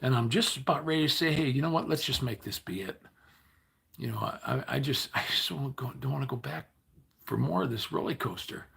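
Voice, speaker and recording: An older man chatting casually to his livestream viewers, weary and low on energy, rambling and grumbling with many restarts. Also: brisk, a bit bright. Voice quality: gravelly, raspy. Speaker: livestream host.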